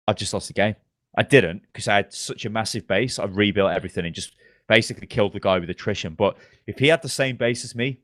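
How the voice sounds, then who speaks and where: A young man with a fairly low voice co-hosts a casual gaming podcast. He laughs often and swears freely as he tells a story. The sound is dry and close to the mic. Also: a bit bright, no room sound. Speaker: podcast co-host.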